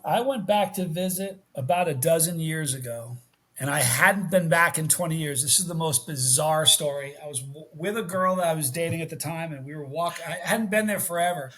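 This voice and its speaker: High-voiced animated man, raspy and bright. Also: fairly quick. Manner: animated storyteller, acts out quotes. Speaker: guest, hot sauce reviewer. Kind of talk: casual podcast chat.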